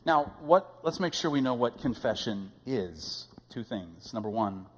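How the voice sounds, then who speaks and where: A middle-aged man preaching a sermon as pastor, telling stories in an animated way and acting out the voices he quotes. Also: medium pitch, a little slow, big-room sound, a little hiss or hum, rough recording. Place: church sanctuary.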